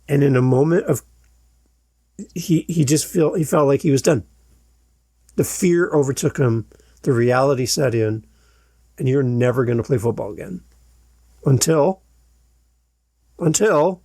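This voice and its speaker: A man hosting a podcast, telling a story in an animated way and acting out the quoted shouts. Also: a little high, a little slow, pauses often, slightly rough, no room sound, studio quality. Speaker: podcast host. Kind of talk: storytelling monologue.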